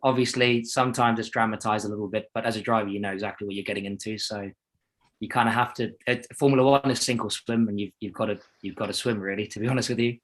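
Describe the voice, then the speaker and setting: A man's voice: lowish voice, steady tone, fast. A young adult man from South Africa, a racing driver talking casually as an interview guest, rambling and self-deprecating with many restarts.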